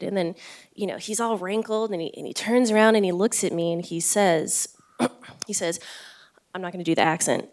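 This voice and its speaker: A woman's voice: medium pitch, normal speed. A woman neuroscientist on a live event panel, telling a personal story in an earnest, thoughtful way with frequent restarts and fillers. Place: event stage.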